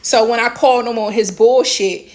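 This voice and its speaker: Dc lady vlogging a story, kinda high voice, blunt and slangy, jumps way up when she's fed up. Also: normal speed. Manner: animated and emphatic, voice leaps high when exasperated; blunt, slangy, repeats "this, that, and the third". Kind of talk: casual storytelling rant.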